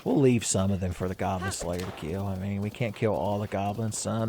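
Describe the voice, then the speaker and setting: A man's voice: on the low side, fairly even intonation, brisk, gravelly, mellow, slight background noise. A man giving casual, rambling gameplay commentary as a let's play host, joking and laughing often.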